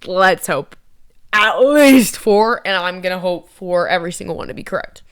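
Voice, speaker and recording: A woman's voice: fairly low pitch, animated, normal speed, clean tone. A young woman chatting casually to camera as a vlogger, rambling, giggly and poking fun at herself. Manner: rambling, giggly, self-mocking.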